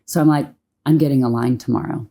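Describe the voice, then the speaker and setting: A woman in her forties from Tennessee, a podcast guest telling her story in animated, laughing conversation. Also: extremely low pitch, quick pace. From Tennessee, United States. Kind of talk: casual interview storytelling.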